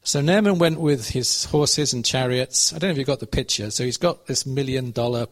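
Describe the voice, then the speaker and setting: Relaxed and conversational, a preacher retells a Bible story, stopping to put questions to his listeners. His pitch stays at an ordinary middle level.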